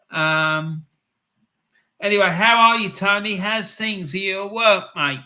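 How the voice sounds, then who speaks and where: A man's voice: high voice, slow, pushed and bright. A middle-aged man hosting a casual live stream, reading out chat comments in a chatty way with lots of ums, frequent laughs and "mate".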